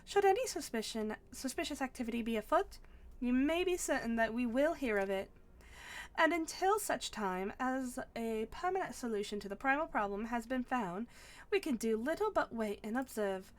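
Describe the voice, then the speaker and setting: A woman reading aloud the lines of an earnest young woman who leads a band of heroes, in a measured, formal way with small stumbles. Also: a little high, expressive, lightly acted. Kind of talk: reading game dialogue aloud.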